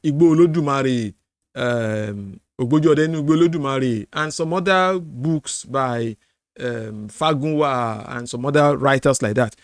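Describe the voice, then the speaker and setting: A middle-aged Nigerian man with a Yoruba accent hosts a screen-share language lesson, explaining slowly, repeating words and singing tone syllables. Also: mid-range voice, a little mellow, dry recording, studio quality. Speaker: apologetics channel host.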